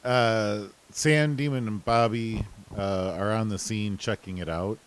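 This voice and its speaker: Laid-back low-voiced man recapping an episode. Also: a little slow, clear, resonant tone, rough recording. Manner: laid-back, hesitant with many fillers. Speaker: podcast co-host. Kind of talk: casual recap chat.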